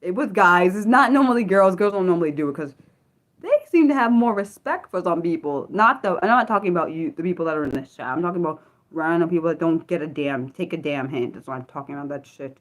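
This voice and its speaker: A woman's voice: lowish voice, expressive, fast talker. Rambling woman livestreamer, full of ums. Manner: rambling, many fillers and restarts, reading chat aloud. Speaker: livestream host. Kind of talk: unscripted livestream chat.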